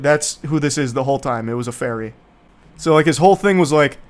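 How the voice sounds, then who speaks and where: A young man streaming, casually recapping a bad movie to his viewers in a sarcastic, profane, rambling way. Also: fairly high pitch.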